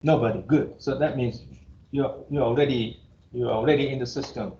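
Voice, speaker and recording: A man's voice: mid-range voice, fairly even intonation, normal speed, warm tone. A Japanese-accented man in his fifties lectures to a class, blunt and joking, with chuckles between his remarks. His voice carries through a reverberant room. The recording sounds somewhat dull and muffled. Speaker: engineering professor.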